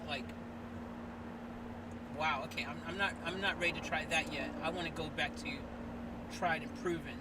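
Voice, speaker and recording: A man hosting a live stream, chatting casually and rambling with lots of fillers and restarts. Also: on the high side. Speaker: stream host. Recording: noisy background hiss.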